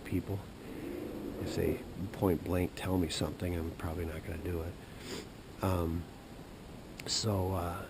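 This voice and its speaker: Low-voiced man rambling outdoors. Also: gravelly, noisy background. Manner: whispers at times, then grows loud and animated retelling a phone call. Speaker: outdoor show host. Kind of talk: rambling storytelling to camera. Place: outdoors by a creek.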